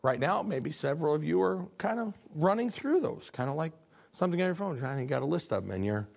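A man's voice: on the high side, expressive, fairly quick, vocal fry, darkish tone. A middle-aged male pastor preaching a sermon in a conversational way, asking the congregation questions and acting out quotes.

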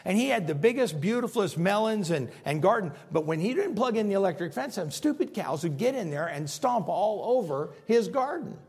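A man preaches a sermon with great animation, acting out the texts he reads. His voice sits high and swings widely in pitch. A long reverb from the large hall trails every phrase. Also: fairly quick, few pauses, husky. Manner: animated, dramatic, acts out quotes, repeats himself. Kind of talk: expository sermon.

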